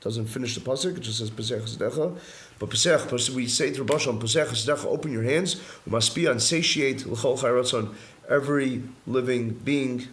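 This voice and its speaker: A man's voice: medium pitch, a little fast, a bit bright. A man, a rabbi, teaching a live class in an indoor room, explaining earnestly and emphatically and repeating key phrases. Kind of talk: religious study lecture to a live class. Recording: echoey room.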